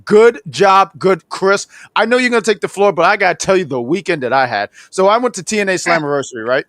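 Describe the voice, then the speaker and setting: A man's voice: sits high, fast, no echo. A man in his thirties co-hosting a casual wrestling review show, telling rambling, laughing stories. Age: 30s. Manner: animated, rambling storytelling with laughs. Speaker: podcast co-host.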